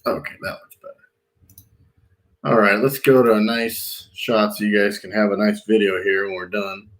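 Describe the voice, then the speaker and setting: Relaxed, reassuring male pool designer. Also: on the low side, normal speed. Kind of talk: casual client meeting.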